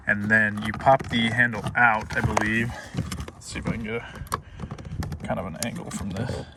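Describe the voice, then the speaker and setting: Chatty man filming a garage car project. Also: on the low side. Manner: loose and chatty, many ums and restarts. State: out of breath from working. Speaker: car channel host. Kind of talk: casual DIY car vlog. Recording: distant mic with faint background noise.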